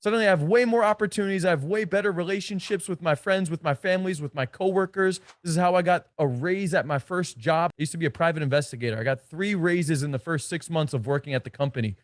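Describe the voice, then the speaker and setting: A man's voice: fairly high pitch, fast talker, few pauses, no echo, studio quality. Blunt, emphatic male dating coach. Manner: emphatic, blunt and profane, with punchy repetition. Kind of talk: energetic coaching talk.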